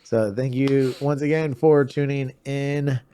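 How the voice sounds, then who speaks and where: A man's voice: mid-range voice, fairly even intonation, measured pace, warm tone, clean tone. A man hosting a podcast in casual chat, easygoing and laughing often. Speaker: podcast host.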